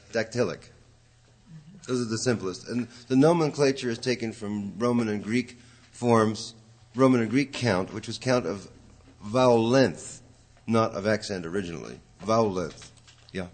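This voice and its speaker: A man's voice: on the low side, normal speed. A man lecturing a poetry class, rambling and hesitant, chanting rhythms aloud to show them. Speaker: poetry teacher.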